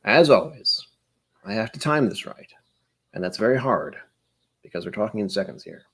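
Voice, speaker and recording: A man's voice: on the low side, animated, moderate pace, a bit bright, husky. A man hosting a live stream, chatting casually and rambling, tired and self-deprecating, greeting viewers by name. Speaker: livestream host.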